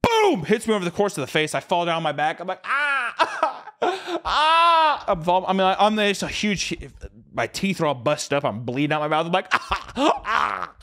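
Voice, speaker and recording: This podcast co-host is a young man whose voice sits a little high and moves fast. Animated and profane, he spins a comic story in a casual way, performing the characters' lines and screaming some of their quotes.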